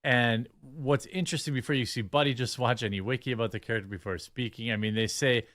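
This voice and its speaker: A man's voice: mid-range voice, fairly even intonation, quick pace, a bit bright, dry recording, clean studio sound. A man doing online video commentary, dismissive in tone and reading posts aloud.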